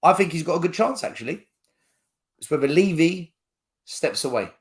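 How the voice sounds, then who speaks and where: A man's voice: on the high side, lively intonation, moderate pace. A man hosting a football fan channel, ranting to camera in a blunt, argumentative way. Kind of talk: fan opinion rant to camera.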